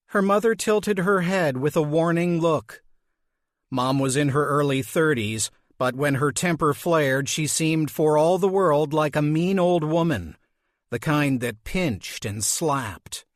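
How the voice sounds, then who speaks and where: A man reading an audiobook as narrator, with slow, measured delivery. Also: a little high, no room sound, clean studio sound. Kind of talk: scripted narration.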